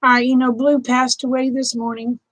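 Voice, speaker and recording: Tearful high-voiced Southern woman. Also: little pitch movement, brisk, no echo, low-quality recording. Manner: emotional, tearful and chatty. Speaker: livestream host. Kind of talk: casual live chat with viewers.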